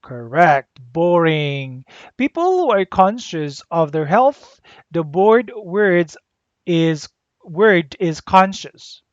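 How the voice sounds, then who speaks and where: A teacher giving a grammar lesson, deliberately spelling out letters and repeating the rules. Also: medium pitch, very animated, dry recording. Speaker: English teacher. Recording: dull lo-fi dry recording.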